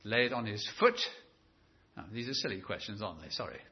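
A man preaching a sermon in a church, animated and stretching key words for emphasis. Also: fairly low pitch, brisk, lo-fi sound.

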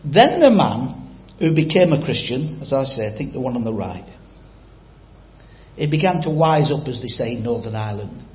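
A man's voice: medium pitch, big pitch swings, normal speed, echoey room, dull audio. A man preaching a sermon, telling a story and quizzing the congregation directly.

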